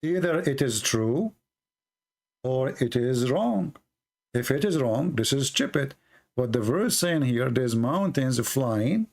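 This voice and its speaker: Man, debate host, sarcastic, pushy, gravelly voice. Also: mid-range voice, darkish tone. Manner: blunt, sarcastic, presses the caller with repeated questions. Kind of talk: live call-in debate.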